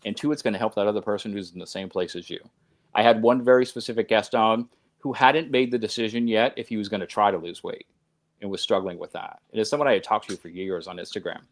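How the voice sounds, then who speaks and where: A man guesting on a podcast, who hosts a show of his own, speaks at a quick pace with a lowish voice and fairly even intonation. He's earnest and emphatic in conversation, stringing long run-on sentences together with restarts.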